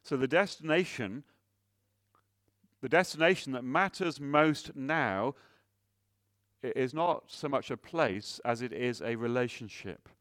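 A man preaching a sermon, earnest and full of rhetorical questions, often restarting phrases, rising louder on key points and dropping soft for emphasis. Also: mid-range voice, a little slow, long pauses, no echo, clean studio sound.

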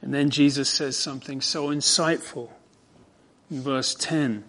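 A man preaching an expository sermon, fervent and emphatic, dropping to hushed tones and rising to ringing emphasis. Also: mid-range voice, fairly even intonation, a little slow.

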